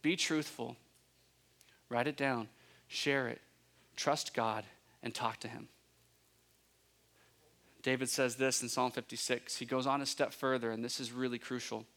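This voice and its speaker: A man preaching a sermon, asking his listeners questions and building to emphatic peaks, with relaxed conversational asides. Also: medium pitch, measured pace, long pauses. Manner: conversational asides, self-correcting. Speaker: pastor.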